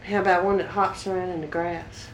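A woman interviewer asking slow, prompting questions about local words. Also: on the low side, flat delivery. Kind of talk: dialect survey interview. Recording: echoey room, light noise.

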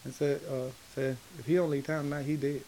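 A man from Atlanta with a Southern accent, telling stories in an interview in a halting, rambling way full of fillers. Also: fairly high pitch, level tone, dark tone, slight background noise, low-quality recording. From Atlanta, Georgia. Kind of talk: casual storytelling in an interview.

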